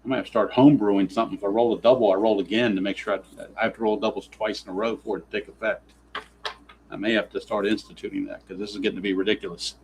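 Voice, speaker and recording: A man's voice: on the low side, steady tone, fast talker, darkish tone, a little hiss or hum, poor audio. A man narrating a tabletop baseball simulation in play-by-play style, grumbling with sarcastic exasperation at the dice.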